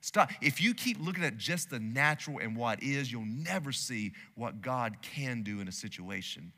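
A male pastor preaching a sermon in a church sanctuary, emphatic, swinging between loud declarations and hushed asides. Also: mid-range voice, lively intonation, normal speed. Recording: long hall reverb.

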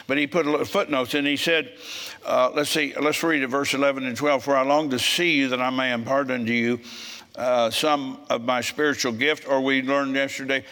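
A man preaching a sermon in a church, telling folksy stories in a frisky, forceful way. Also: medium pitch, long reverb tail.

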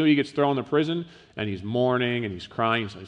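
A man's voice: medium pitch, fast talker, fairly bright tone, dull audio. A man preaching a sermon in a conversational, plainspoken way, with casual asides. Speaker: pastor. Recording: long hall reverb.

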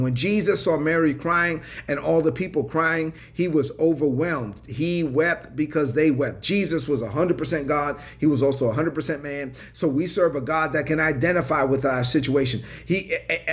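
A man's voice: fairly high pitch, a bit bright. A man preaching a livestreamed sermon with a repetitive, rhythmic cadence, calling on viewers to respond in the chat. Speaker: pastor. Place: online livestream.

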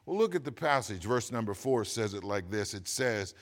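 Animated older man preaching a sermon. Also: normal speed, hardly any pauses. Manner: swings from low asides to loud emphatic preaching. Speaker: pastor.

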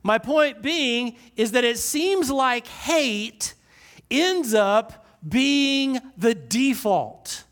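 Man, high voice, sermon preacher, sarcastic, drawn-out emphasis. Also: lively intonation, a bit bright. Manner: sarcastic, slows down to stress key lines.

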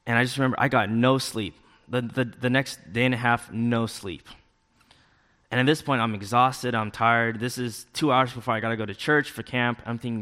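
A man's voice: mid-range voice, normal speed, a bit bright. A young man giving a casual personal testimony as a church youth leader, acting out his own thoughts as he goes. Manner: casual and conversational, with many fillers and acted-out inner thoughts. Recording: long hall reverb.

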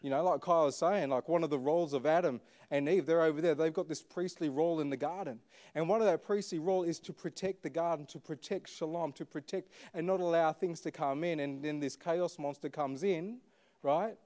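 A man's voice: fairly high pitch, brisk, a little mellow. A man preaching a casual, conversational sermon as a pastor. He talks in a chatty way, often saying "um" and "like" and checking in with his congregation through questions. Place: church service.

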